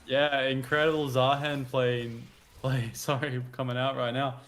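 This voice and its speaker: A man's voice: medium pitch, measured pace, a little hiss or hum. Male colour caster, everyday middle voice, easygoing and conversational. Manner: relaxed, chatty, self-correcting. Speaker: esports color commentator. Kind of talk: casual co-commentary.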